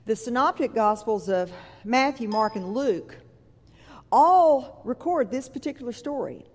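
A woman preacher giving a sermon in a church, reading scripture and then retelling it in a conversational, vivid way. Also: medium pitch. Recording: long reverb from a large hall.

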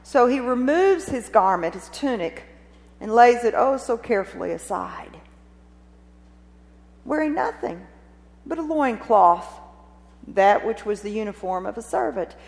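A woman preaching a sermon, retelling a scene with expressive, dramatic storytelling and rhetorical questions. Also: fairly high pitch, a little slow, vocal fry, pauses often. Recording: long reverb of a large hall.

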